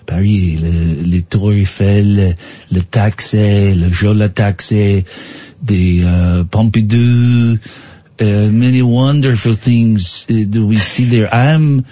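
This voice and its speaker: A man's voice: lowish voice, fairly even intonation, takes it slowly, dark tone, dry recording, dull audio. A man voicing a sleazy fake-French man chatting up a woman in a cinema, with a hammy mock French accent.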